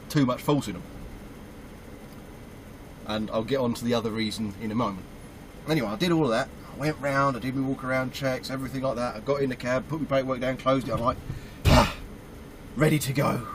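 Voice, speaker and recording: A man's voice: mid-range voice, low-quality recording. British truck driver guy telling a story, acts out his own reactions, bit of background noise. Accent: British English. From United Kingdom. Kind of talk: casual storytelling.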